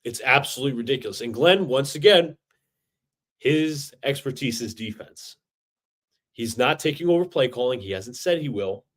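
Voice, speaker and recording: A man's voice: medium pitch, lively intonation, moderate pace, fairly bright tone. A man hosting a sports fan livestream, talking in a frustrated, repetitive rant full of stumbles and restarts. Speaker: fan podcast host.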